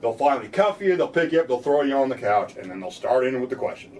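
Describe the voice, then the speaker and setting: A plainspoken man lays out legal advice in a mid-pitched voice. He picks up from a little away from the mic, with a faint hum of room ambience behind him. Now and then he barks out police lines in a mocking tone. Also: lively intonation, fast, few pauses, darkish tone, recorded from a distance. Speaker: defense lawyer. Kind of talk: explainer talk to camera.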